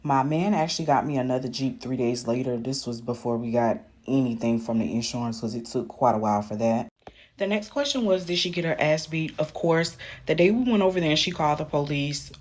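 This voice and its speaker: A woman's voice: a bass voice, a little mellow. A young woman telling a personal story in a casual, matter-of-fact way, with frequent ums. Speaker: storyteller in a clip.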